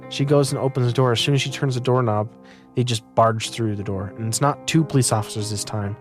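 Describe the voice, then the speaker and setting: A man's voice: mid-range voice, brisk, faint music behind. A young man from Utah earnestly recounting his own story in an interview. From Utah, United States. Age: young adult.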